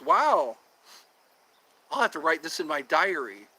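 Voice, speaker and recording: A man's voice: fairly high pitch, very animated, a little slow, long pauses, bright, forceful tone, husky, low-quality recording. A man hosting a casual livestream, chatting with viewers in a playful, jokey, teasing way. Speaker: livestream host.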